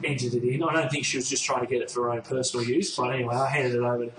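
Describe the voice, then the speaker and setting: A man's voice: medium pitch, level tone, very fast. A man hosting a podcast, telling a story casually and swearing freely. He acts out both sides of the conversation he recounts. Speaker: podcast host. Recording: roomy echo with faint noise.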